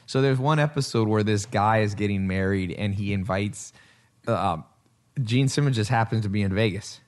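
A man's voice: on the low side, normal speed, darkish tone. Rambling male podcast host. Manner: rambling storyteller, acts out quotes. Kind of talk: casual chat.

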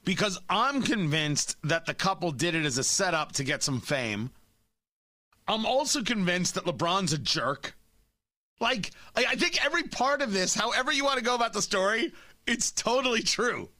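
Bright, lively talk radio host. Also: male voice, high voice, normal speed, no echo. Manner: animated, opinionated.

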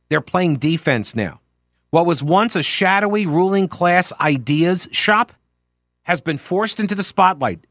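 A man's voice: on the high side, fairly bright tone, no echo, studio quality. Sarcastic man hosting a political talk show. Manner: sarcastic, mocking, emphatic. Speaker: radio talk show host. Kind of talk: opinionated political talk monologue.

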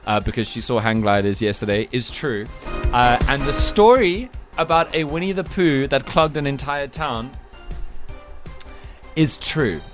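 A man hosting a breakfast radio show, playful and quick with jokes. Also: medium pitch, animated, loud music behind the voice. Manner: playful, laughing, quick asides. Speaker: radio host.

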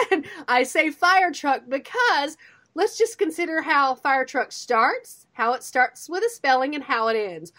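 A little slow in her delivery, a middle-aged woman with a high voice shares animated anecdotes while co-hosting a chatty radio program. Whenever she quotes someone, she performs the line with gusto.

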